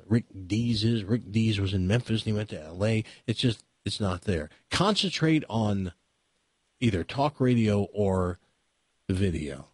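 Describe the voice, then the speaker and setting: An American man is hosting a talk radio show, musing aloud in an opinionated, rambling way full of restarts. His husky voice swings up and down a lot as he talks. It is recorded close and dry on a studio microphone. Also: lowish voice, no echo. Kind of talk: casual talk radio monologue.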